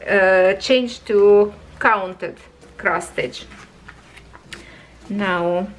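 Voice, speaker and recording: Slow-talking enthusiastic woman crafter. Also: a little high, slight background noise, rough recording. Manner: slow, enthusiastic, talks to viewers as friends. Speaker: craft channel host. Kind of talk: casual unboxing review.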